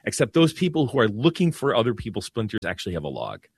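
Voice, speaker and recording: Man, Catholic priest, earnest casual talk, animated pitch, dry sound. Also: fast, vocal fry, slightly rough, no echo. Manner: earnest, animated, many restarts. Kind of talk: casual religious discussion.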